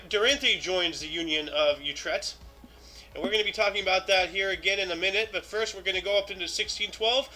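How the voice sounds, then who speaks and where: A man with a bright, forceful, fairly high voice hosts a relaxed history stream. He reads each dated event aloud, then drifts into offhand asides full of ums and uhs. Light music plays underneath. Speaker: show host. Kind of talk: casual history livestream commentary.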